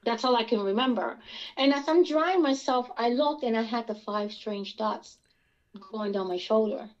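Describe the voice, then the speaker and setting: Rambling, animated woman on a lo-fi line. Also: on the high side, moderate pace. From Pennsylvania. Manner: animated, rambling, many restarts. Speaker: guest experiencer. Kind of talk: casual interview storytelling.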